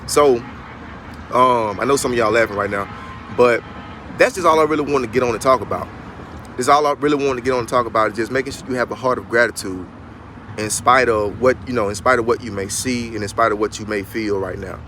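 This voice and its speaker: A man's voice: mid-range voice, quick pace, fairly bright tone, slight background noise. A young male life coach giving a motivational livestream talk outdoors, speaking in an emphatic, preacherly, casual way and calling his viewers y'all. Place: outdoors outside a barbershop, traffic nearby.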